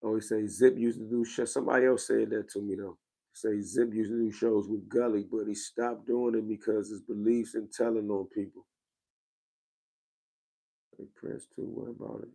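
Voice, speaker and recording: Low, gravelly New man, tired livestream host, laid-back slang to chat. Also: steady tone, fairly quick, dark tone. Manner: laid-back slangy talk, reacting to viewers. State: a little tired. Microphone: wearing a microphone.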